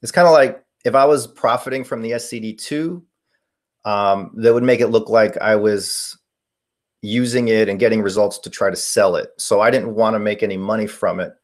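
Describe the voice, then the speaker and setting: Speaking at normal speed in a lowish voice, a forties-aged man runs a laid-back live stream about the paranormal. He reads viewers' questions from chat and wanders through his replies, leaning heavily on fillers.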